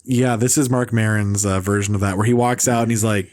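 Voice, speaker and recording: A man hosting a podcast in casual chat, ranting with mocking impressions, swearing and quick laughs. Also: on the low side, fairly even intonation, a little mellow. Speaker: podcast host.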